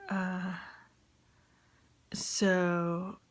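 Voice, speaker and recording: A woman's voice: on the low side, monotone, drawn-out words, a little hiss or hum. A woman casually recounting her day in a spoken diary for her partner, hesitant and full of fillers, often dropping into a whisper. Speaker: mother recording a message to her partner.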